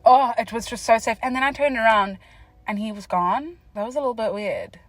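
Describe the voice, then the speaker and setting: A young South African woman telling a story from her car, casual and animated, jumping between whispers and loud exclamations. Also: fairly high pitch, brisk, no room sound, poor audio. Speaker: vlogger. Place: parked car.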